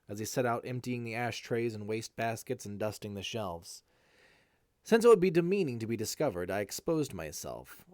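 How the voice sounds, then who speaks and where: Lively man reading a fantasy novel aloud. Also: mid-range voice, dry recording, studio quality. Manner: first-person narration with occasional slips and retakes. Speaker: amateur audiobook reader.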